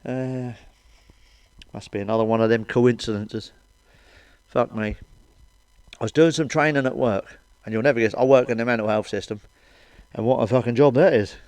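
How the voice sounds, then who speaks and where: A man's voice: medium pitch, normal speed, long pauses, darkish tone, clean tone, no echo. A man doing a blunt, foul-mouthed stand-up monologue of grumbling rants. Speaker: stand-up comedian.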